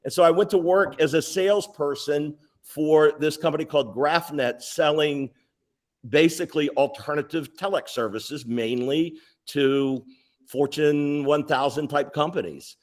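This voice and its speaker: Man in his 60s, guest on a sales interview, lively anecdotal storyteller. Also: fairly high pitch, measured pace. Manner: animated, anecdotal, lists details.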